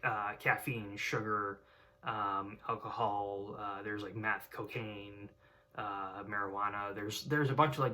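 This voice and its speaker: A man's voice: lowish voice, bright, forceful tone. A young man talking casually to camera in a rambling way, full of fillers and restarts. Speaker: vlogger.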